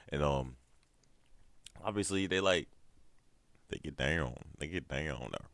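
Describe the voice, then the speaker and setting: A man's voice: extremely low pitch, normal speed, fairly bright tone, no echo. A man casually recapping a TV series episode, profane and laughing often. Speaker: show recap vlogger.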